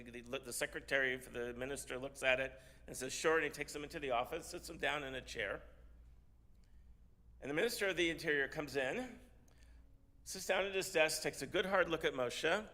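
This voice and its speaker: Bright-voiced man telling a story. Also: fairly high pitch. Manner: halting, repeats words often, animated. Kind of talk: storytelling sermon. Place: synagogue service.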